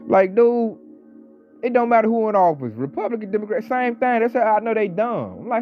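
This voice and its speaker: A man delivering a casual ranting monologue, talking with animated, mocking energy and mimicking coworkers. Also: high-pitched, brisk. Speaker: online commentator. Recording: slightly dull audio, faint background music.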